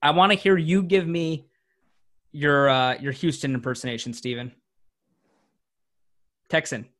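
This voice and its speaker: This young man's voice is a little high and fairly bright, with rather even intonation. As a sports podcast co-host, he rambles in casual chat and ribs the other hosts with fast jokes.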